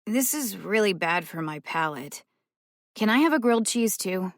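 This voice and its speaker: A woman narrating an audiobook, voicing a wary young boy who speaks in a quiet, timid way. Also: mid-range voice, expressive, moderate pace, dry recording, clean studio sound, close to an everyday voice. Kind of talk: audiobook character voice.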